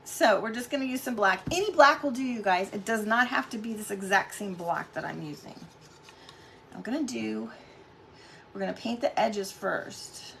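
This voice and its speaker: A woman's voice: mid-range voice, expressive, moderate pace, creaky, fairly bright tone, slight background noise. A middle-aged woman hosting a casual live craft stream at home, chatting with viewers and greeting them by name.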